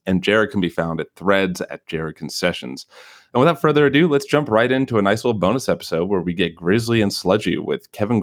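A man with a Chicago accent hosting a podcast in casual, rambling chat with frequent fillers. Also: low-pitched. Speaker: podcast host.

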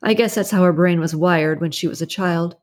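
A woman's voice: fairly low pitch, normal speed, darkish tone, close to an everyday voice. A woman reading an audiobook and voicing a chatty, nosy middle-aged neighbor woman who gossips with strong opinions. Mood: gossipy. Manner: gossipy, indignant, confiding.

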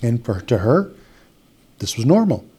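A man, a hypnotist and life coach, recounting a client's story in a measured way that slows and softens on heavy details. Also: mid-range voice, big pitch swings, breathy edge.

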